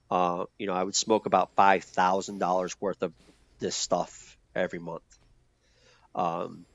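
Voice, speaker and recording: Man, low voice, casual profane storyteller with fillers; lo-fi, muffled audio. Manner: loose and profane, many fillers and restarts. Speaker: guest telling his recovery story. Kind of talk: candid conversational storytelling. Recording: dull lo-fi sound.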